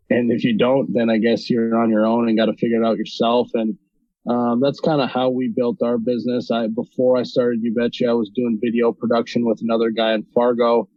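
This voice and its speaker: Casting: guest man from North Dakota, easygoing, with lots of ums, monotone, over a slightly muffled dry line. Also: mid-range voice, no room sound. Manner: relaxed, with many ums and restarts. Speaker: podcast guest, video creator. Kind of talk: casual interview talk.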